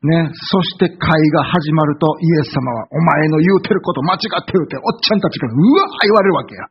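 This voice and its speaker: A man preaching a sermon in a Kansai accent, telling the story animatedly and acting out the quoted speech, paused for an interpreter. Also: a little high, expressive, dull audio, a little hiss or hum. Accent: Kansai Japanese.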